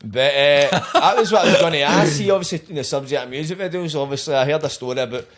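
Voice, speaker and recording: A man's voice: fairly high pitch, quick pace, fairly bright tone. A man with a Scottish accent hosting a podcast, who asks short, laid-back questions and swears casually. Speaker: podcast host. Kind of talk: casual interview chat.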